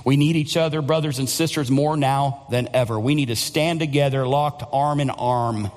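A male pastor preaching a sermon, building to loud, emphatic passages and calling for amens. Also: medium pitch, normal speed. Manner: preaching with rising, near-shouted emphasis. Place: church sanctuary. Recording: long church hall reverb.

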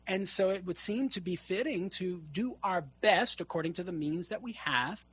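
A man's voice: high-pitched, fairly bright tone, breathy edge. A man who is a guest theologian answering a caller's question on a call-in radio show, in an earnest, explanatory way with rhetorical questions.

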